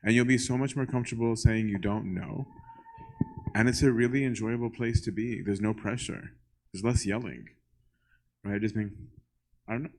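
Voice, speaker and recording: A man's voice: on the low side, steady tone, moderate pace, darkish tone, rough recording. A young male priest answering questions in a casual, conversational way, often checking in with "right?" and acting out little exchanges. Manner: conversational, keeps asking "right?" and acts out little dialogues. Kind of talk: casual Q&A talk to a congregation.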